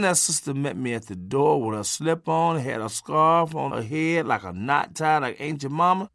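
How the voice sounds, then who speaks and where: Male comic storyteller with a slightly high, lively voice; profane, loud bursts and low asides. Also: gravelly, no echo, clean studio sound. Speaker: comedian telling his own story.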